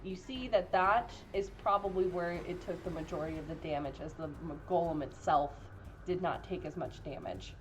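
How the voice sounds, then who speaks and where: A woman's voice: lowish voice, moderate pace, soft background music, poor audio. A woman running a tabletop game as game master, narrating the action and encouraging her players. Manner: encouraging, laughs often.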